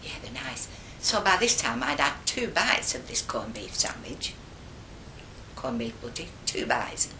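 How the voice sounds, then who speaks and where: An elderly woman recalls her schooldays in a lively, chatty way. Her voice sits low yet leaps around with a bright, crisp edge, and the room gives it a noticeable echo. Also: measured pace, a little hiss or hum. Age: older. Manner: lively, chatty, animated retelling. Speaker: interviewee. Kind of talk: oral history storytelling. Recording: echoey room.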